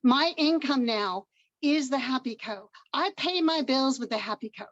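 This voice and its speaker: A woman's voice: high-pitched, animated, moderate pace, fairly bright tone, no echo, muffled recording. An older woman from Washington State giving an upbeat, emotional personal testimony on a video call. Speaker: guest presenter.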